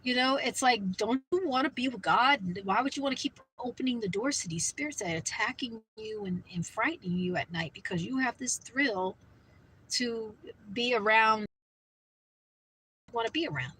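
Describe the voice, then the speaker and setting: A woman's voice: a little high, normal speed, bright, forceful tone, a little hiss or hum, low-quality recording. A woman speaking fervently about faith and spirits, warning listeners with many "you know" fillers. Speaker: Christian vlogger. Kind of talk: earnest religious talk.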